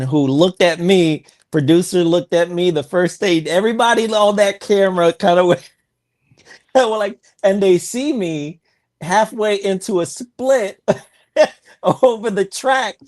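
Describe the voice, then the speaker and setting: A man as a podcast guest in a casual interview, a relaxed storyteller who speaks bluntly and laughs at himself. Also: high voice. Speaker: podcast guest, filmmaker and veteran.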